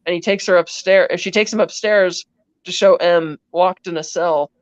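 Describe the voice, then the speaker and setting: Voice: mid-range voice, fairly even intonation, moderate pace, clear, resonant tone, no room sound, muffled recording. A podcast co-host casually recapping a film scene by scene, in a chatty, rambling way full of "he's like" asides. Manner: rambling, chatty retelling with many "he's like" quotes.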